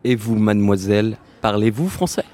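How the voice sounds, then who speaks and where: A polite French waiter, played by a man in a scripted dialogue for learners. His voice sits fairly low and sounds courteous and crisp. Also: animated, fairly quick, mellow, lightly acted.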